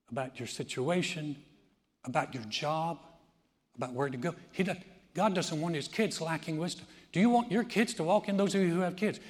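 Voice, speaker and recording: A man preaching a sermon to a congregation, moving between loud, emphatic passages and a quiet, low prayer voice. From United States. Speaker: pastor. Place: church sanctuary. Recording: long church reverb.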